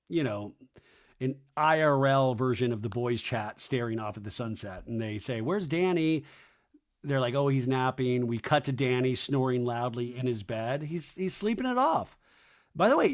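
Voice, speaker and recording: Chatty man recapping reality TV. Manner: chatty, mimics cast members in high mocking voices. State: hiccups. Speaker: podcast host. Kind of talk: casual recap commentary.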